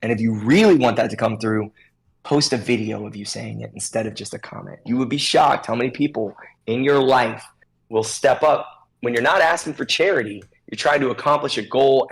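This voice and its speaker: A man co-hosting a casual chat show, giving animated advice to hair stylists. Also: medium pitch, gravelly, husky, poor audio. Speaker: podcast co-host.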